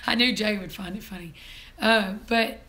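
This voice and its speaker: A hoarse woman, hosting a casual live-stream chat, chatty and quick to laugh. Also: medium pitch, bright, forceful tone. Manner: chatty, laughs often, teasing. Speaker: vlog host.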